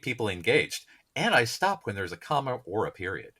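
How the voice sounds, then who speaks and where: Bright-voiced man on a podcast. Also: mid-range voice, sing-song, normal speed. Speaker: podcast co-host. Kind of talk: casual podcast chat.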